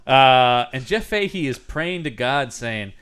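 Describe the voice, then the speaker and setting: Animated man recapping a movie. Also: medium pitch, measured pace, crowd noise. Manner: recapping plot with jokey asides and laughs. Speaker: podcast host. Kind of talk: casual movie recap chat.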